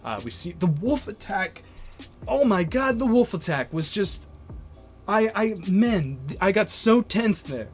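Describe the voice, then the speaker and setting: A man's voice: high-pitched, animated, a little slow, soft background music. A young man giving casual, enthusiastic video commentary as an anime reviewer, rambling with many fillers and restarts.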